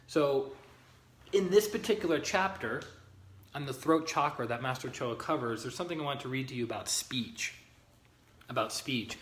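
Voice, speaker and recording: A man's voice: mid-range voice, a bit bright. A man, a spiritual teacher, giving an informal teaching to an online group, reading passages from a book, greeting viewers by name and checking in with them often. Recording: roomy echo.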